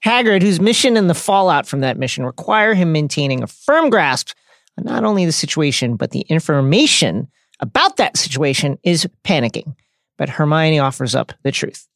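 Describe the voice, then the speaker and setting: A woman co-hosting a podcast, recapping a novel with playful, quick asides. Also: deep voice, sing-song, dry recording, clean studio sound. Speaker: podcast co-host. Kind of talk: casual book-discussion recap.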